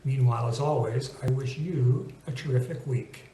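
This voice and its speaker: A man teaching English pronunciation in a relaxed, chatty video lesson, slowing down to carefully sound out example words. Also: medium pitch, slight background noise. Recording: roomy echo.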